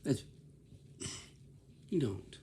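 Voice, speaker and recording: A man draws out his words in a warm tone as he offers casual workplace instruction, with slight background noise. He keeps repeating himself, scolds, and often asks "right?".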